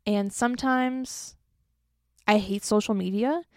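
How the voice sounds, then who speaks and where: A young woman hosts her podcast in a loose, self-deprecating chat, tired from an early morning. Her voice carries a gravelly fry at mid pitch. It is recorded close and dry, with no room sound. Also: slow, a little mellow, no echo. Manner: chatty and self-deprecating, joking asides. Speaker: podcast host. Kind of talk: casual solo podcast chat.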